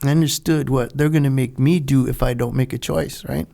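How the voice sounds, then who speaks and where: An older man, a retired Navy veteran, telling a lively story in a podcast interview, acting out the dialogue and laughing often. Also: medium pitch, fairly quick, gravelly. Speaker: guest, retired Navy SEAL.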